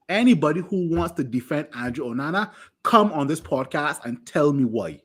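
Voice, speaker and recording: A man's voice: fairly high pitch, lively intonation, normal speed. A man ranting furiously as a fan panelist on a podcast, repeating himself and swearing. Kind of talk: angry fan rant on a podcast.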